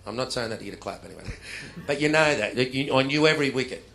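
A middle-aged Australian man telling comic stories to a live audience, acting out other people's lines in loud bursts. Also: medium pitch, fast talker, vocal fry, slight background noise. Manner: animated, acts out dialogue in loud bursts. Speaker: after-dinner speaker.

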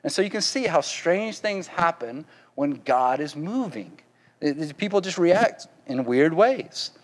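A man's voice: on the high side, animated, measured pace, long reverb tail. A man with a Southern accent preaching a sermon in a folksy, conversational way, often asking the congregation questions. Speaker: pastor.

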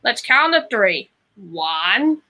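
A woman's voice: a little high, lively intonation, measured pace, sharp tone. A woman in casual group chat, giggly and encouraging.

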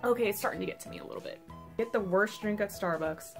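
A woman's voice: mid-range voice, fast talker, soft background music. A young woman YouTuber chatting casually to camera, bubbly and self-mocking.

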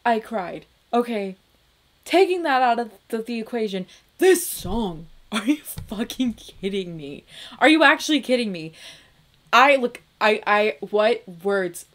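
A woman's voice: on the high side, animated, a little slow, fairly bright tone. A young woman reacting to music from a small room at home, emotional and gushing, laughing between words. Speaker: reaction video host.

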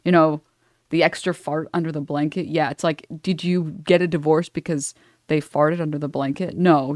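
Low voiced woman streamer rambling, swears a lot, dry close sound, kinda hushed. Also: dry recording. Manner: blunt, profane, rambling with jokes; keeps her voice down at times. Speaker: streamer reacting to a clip. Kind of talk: casual reaction commentary. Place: her apartment.

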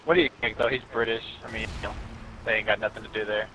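A man's voice: lowish voice, little pitch movement, very fast, noisy background. A young man taunting another player over online game voice chat, sarcastic and mock-sympathetic, recording his gameplay.

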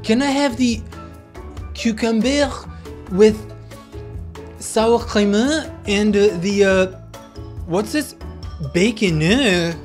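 Man putting on a pompous restaurant customer, higher voice, halting, affected. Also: soft background music. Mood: mock-posh. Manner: hesitant, affected fancy tone. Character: mock-posh male diner ordering at fancy restaurant.

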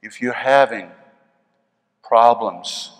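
An older man with a New York accent preaching a sermon as pastor, swinging between loud emphasis and soft asides. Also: mid-range voice, slow. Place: church sanctuary. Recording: long reverb of a church hall.

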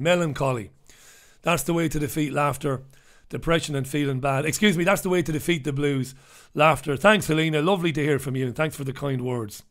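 A middle-aged man hosting a live radio show, his voice sitting a bit high for a man. He chats bluntly through listener comments, jumping between loud outbursts and low mutters. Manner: chatty, blunt and animated, swings between loud asides and muttered remarks. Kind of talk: casual live radio chat.

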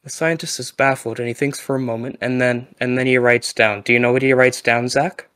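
A man in a casual gaming chat, telling a long joke with playful, loud quoted lines. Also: mid-range voice, steady tone, brisk, clean tone, dry recording. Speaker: co-host.

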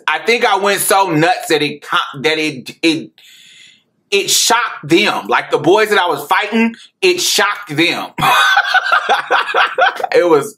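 Woman, podcast host, personal story, slow unhurried delivery, bright voice, laughs a lot, profane. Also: low-pitched. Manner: animated, laughs often, profane, vivid.

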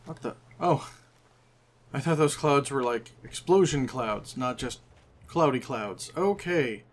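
A man's voice: mid-range voice, animated, slow pace. A man hosting a casual let's-play, chatty and amused, greeting things on screen as he plays. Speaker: gaming channel host.

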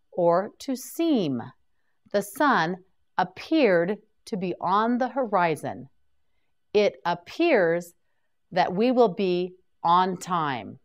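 A woman leads a vocabulary drill at a very slow, careful pace. Her voice sits a little low, yet her pitch moves a lot and rises and falls as she repeats each word. She sounds like a patient teacher prompting learners to say each word after her.

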